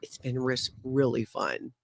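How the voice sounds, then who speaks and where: A woman in casual livestream chat, excitable and animated, with a projecting voice trained in radio, speaking from her home office on a desk mic. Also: very deep voice, a little slow, creaky, no room sound, clean studio sound. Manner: excitable, animated, laughs often. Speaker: guest co-host.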